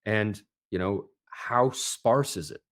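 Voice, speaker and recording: Man telling lively studio stories. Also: fairly low pitch, takes it slowly. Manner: lively storyteller, animated. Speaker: accent coach guest. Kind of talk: casual podcast chat.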